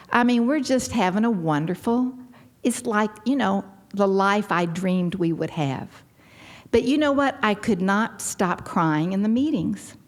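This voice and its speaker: A middle-aged woman with a Texan accent telling a heartfelt personal story to a recovery meeting audience. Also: on the low side. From Texas. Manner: heartfelt, folksy, earnest.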